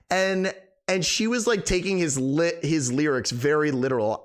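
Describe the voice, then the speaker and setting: A man's voice: a little high, a little fast. A man streaming a game live, chatting casually, rambling and thanking viewers.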